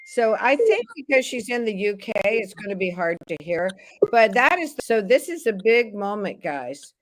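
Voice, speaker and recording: A woman's voice: mid-range voice, big pitch swings, normal speed, low-quality recording. A woman hosting a livestream interview, greeting guests affectionately and calling them honey. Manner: warm, calls guests "honey", gets teary. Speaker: host.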